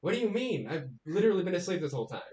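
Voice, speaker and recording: A man voicing a confused, naked stranger who was recently changed back from a dog, pleading for help in a high voice. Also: very animated, very fast, crowd noise. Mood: bewildered. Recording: roomy echo.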